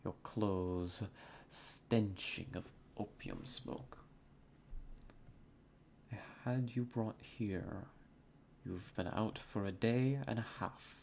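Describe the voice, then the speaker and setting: A man voicing a calm middle-aged German doctor with a put-on German accent, reading game dialogue aloud in a slow, measured way. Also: lowish voice, gravelly, slight background noise, full character voice. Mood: grave.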